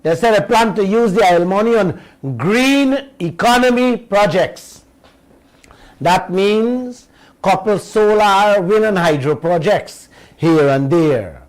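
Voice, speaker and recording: A man with a Guyanese accent hosts a radio show, giving slow, emphatic political commentary aimed straight at his listeners. His voice sits high, and the recording is low quality.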